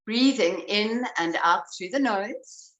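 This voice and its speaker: A woman breathwork instructor leading a guided breathing exercise, giving slow, calm instructions. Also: medium pitch, lo-fi sound. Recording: roomy sound, voice away from the mic.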